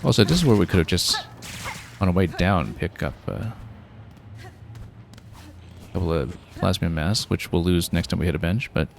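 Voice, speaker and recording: A man's voice: low-pitched, animated, normal speed, vocal fry, pauses often, faint music behind. A man streaming a video game, thinking aloud and planning his next moves with casual fillers. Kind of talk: casual gameplay commentary.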